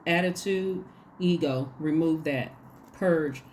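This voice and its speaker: A woman's voice: fairly low pitch, unhurried, a little mellow, slight background noise. A woman giving a casual tarot reading, talking emphatically and acting out little quoted exchanges. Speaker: tarot reader.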